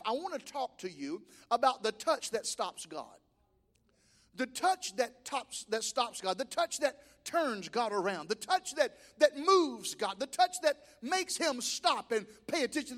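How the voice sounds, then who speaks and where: A male pastor preaching a sermon in a church, emphatic, with sudden rises and drops in pitch and volume. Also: a bit bright, long reverb tail. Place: church sanctuary.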